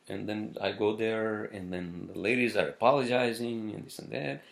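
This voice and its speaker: A man's voice: on the low side, creaky, a bit bright. Rambling, profane man talking solo. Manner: rambling, profane, halting with fillers. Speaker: podcast host. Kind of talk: casual solo monologue.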